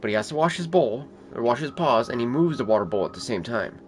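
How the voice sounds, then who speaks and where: A man's voice: mid-range voice, animated, fast. A man streamer chatting casually at home, switching into baby talk with his cat and swearing freely. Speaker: console game streamer. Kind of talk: casual off-camera chat. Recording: noisy home background.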